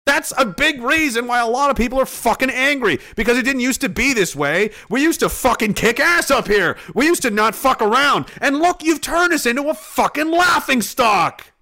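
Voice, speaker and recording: A man's voice: very high voice, animated, moderate pace, few pauses, sharp tone. A Canadian man on a live stream, ranting angrily about politics in a profane, heated way. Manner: profane, heated, mocking voices of others. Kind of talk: angry political rant.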